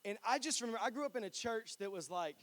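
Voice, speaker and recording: A man's voice: high-pitched, lively intonation, fast, fairly bright tone. A pastor in his twenties, from North Carolina, preaching a sermon in a church in a chatty, joking, storytelling way. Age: 20s.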